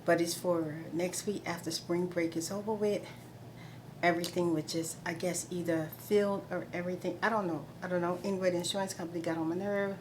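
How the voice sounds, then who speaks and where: A middle-aged woman hosting her own video blog in a chatty, rambling way, with exasperated asides. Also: fairly low pitch. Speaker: vlogger host. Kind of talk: casual chat. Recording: noticeable background noise.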